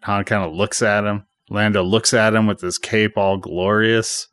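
A man hosting his own podcast, chatting casually as he retells film scenes and drops quick opinions. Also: fairly low pitch, level tone, fairly bright tone, dry recording, clean studio sound. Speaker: podcast host. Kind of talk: casual solo movie recap podcast.

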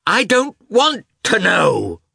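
A fiery young noblewoman, as a male narrator puts her on, her voice pitched well above his own and loud with passion. She swings widely in tone, crying out and pleading by turns in a clear, bright voice. The room sounds dry and close. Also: very animated, measured pace, dry recording, heavily acted. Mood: impassioned. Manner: impassioned, pleading.

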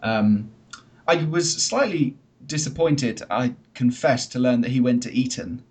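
A man's voice: medium pitch, expressive, a little slow. A man co-hosting a podcast in casual chat, talking in a chatty, hesitant way with many fillers and restarts. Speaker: podcast co-host.

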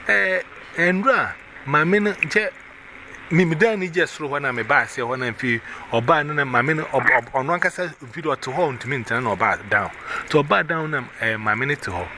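A man's voice: a little high, moderate pace. Ghanaian man telling his testimony. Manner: mixes Twi and English, animated retelling with quoted voices. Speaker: evangelist. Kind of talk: personal testimony, casual storytelling. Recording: audible background noise.

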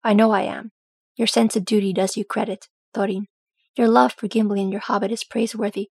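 A woman's voice: medium pitch, little pitch movement, fairly quick, a little mellow, breathy edge, no echo. A woman voicing a stern, loving old male dwarf lord who speaks to his son in a firm, commanding way.

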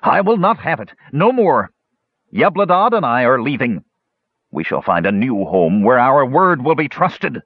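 A man voicing a proud, furious old male dwarf who rants in a shrill, sputtering, indignant way. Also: sing-song, a little slow, slightly rough, dry recording, exaggerated voice. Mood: raging. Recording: dull, dry lo-fi audiobook recording.

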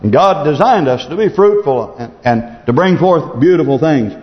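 A man preaching a sermon as pastor, his voice swooping up on emphasis and dropping low when he reads scripture. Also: expressive, moderate pace. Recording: echoey hall, dull lo-fi sound.

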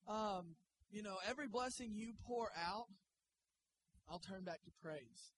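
Joking, high-voiced young pastor. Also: male voice, fairly quick, slight background noise, rough recording. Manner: joking, energetic. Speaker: guest pastor. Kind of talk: sermon. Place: church sanctuary.

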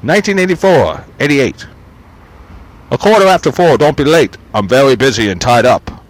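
A man's voice: mid-range voice, expressive, moderate pace, voice pushed up, lightly acted. A man voicing a busy old movie mogul on the phone who speaks in curt, impatient snippets.

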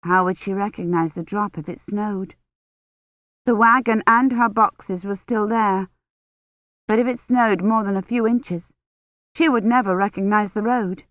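A woman narrates an audiobook in a steady, even storytelling voice. The sound is tinny and phone-like, with no room echo at all. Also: mid-range voice, a little slow. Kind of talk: scripted narration.

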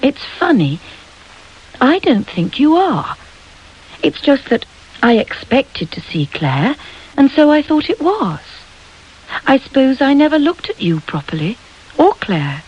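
A woman's voice: high-pitched, big pitch swings, measured pace, long pauses, breathy edge, lo-fi sound, pitched above the performer's own voice, full character voice. A woman voicing a thoughtful young schoolgirl who speaks candidly and musingly.

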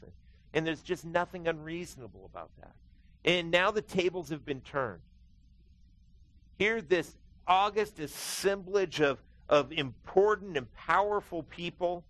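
A middle-aged man preaching a sermon as pastor, telling stories and acting out quotes with lively swings in his voice. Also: low-quality recording. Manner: animated storytelling preacher, acting out quotes with big pitch swings.

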